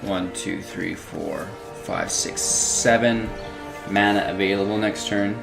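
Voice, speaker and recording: A man giving relaxed, casual commentary while playing a card game, thinking out loud about his moves. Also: fairly low pitch, slow. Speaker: gameplay streamer. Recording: music clearly under the voice.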